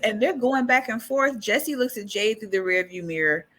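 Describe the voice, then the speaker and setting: A woman co-hosting a casual podcast chat, retelling scenes with animated energy and frequent swearing. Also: on the high side, moderate pace. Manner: animated storyteller, acts out scenes; swears freely. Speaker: podcast co-host.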